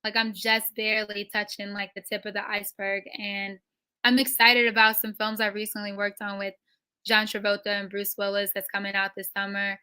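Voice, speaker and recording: A young adult woman, an actress, telling stories in a casual interview. She is animated, acts out quoted lines and uses many fillers. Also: mid-range voice, normal speed, smooth. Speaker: actress guest.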